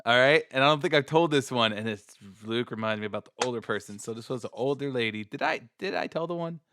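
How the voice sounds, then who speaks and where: A man's voice: mid-range voice, fast talker, a bit bright, slight background noise. A man hosting a podcast, telling a story in a casual, profane way with frequent laughs. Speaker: podcast host.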